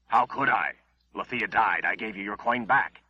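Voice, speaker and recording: A man's voice: lowish voice, moderate pace, husky, lo-fi sound. Man voicing a sly, lying young man. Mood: evasive. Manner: evasive, pleading, feigned innocence. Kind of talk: audiobook character voice.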